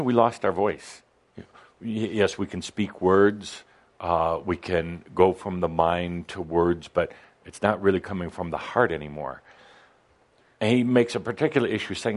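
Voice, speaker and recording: A man co-hosting a casual spiritual discussion, talking in a relaxed, halting way with many restarts. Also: low-pitched. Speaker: co-host discussing channelled teachings.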